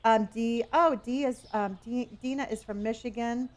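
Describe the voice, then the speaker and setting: A woman's voice: fairly high pitch, moderate pace. A woman from Southern California streaming a game, chatting casually with her viewers and talking to herself as she plays. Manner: chatty, reads viewer locations aloud with sudden excited gasps; talks to herself while playing a store game. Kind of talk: casual live-stream chat.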